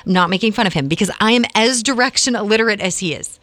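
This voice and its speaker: A woman in her forties, co-hosting a morning radio show and telling a story in an animated, chatty way. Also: medium pitch, fast talker, dry recording. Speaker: radio co-host. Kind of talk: casual morning radio chat.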